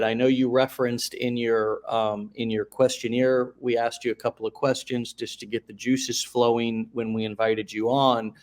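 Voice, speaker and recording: A man hosting a live interview show, talking effusively and rambling through long questions. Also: medium pitch. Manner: effusive, rambling, many restarts and fillers. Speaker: host.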